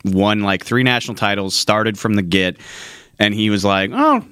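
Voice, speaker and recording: Man, low voice, dry sound, animated sports talk. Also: normal speed, smooth, no echo. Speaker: podcast panelist.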